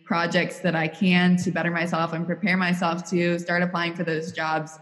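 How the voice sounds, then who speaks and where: A woman's voice: lowish voice, monotone, normal speed, fairly bright tone, in a large hall. A woman in her twenties from Missouri, with a Missouri accent, answering interview questions in a poised, articulate and earnest way. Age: 20s. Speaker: interview guest, college student.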